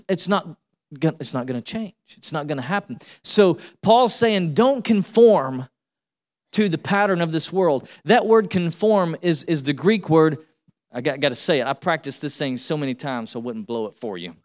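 A male pastor preaching a sermon in an emphatic, repetitive style, calling out to the congregation. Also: sits high.

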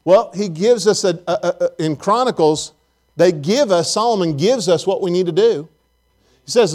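A man's voice: high-pitched, animated, measured pace, a little mellow. A man preaching a sermon in a church auditorium, emphatic, repeating phrases and putting questions to the congregation.

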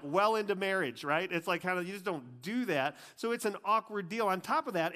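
High-voiced man preaching casually. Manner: casual, chatty preaching with many "like"s and asides; drops to a hushed, grave tone for serious points. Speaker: pastor. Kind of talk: conversational sermon.

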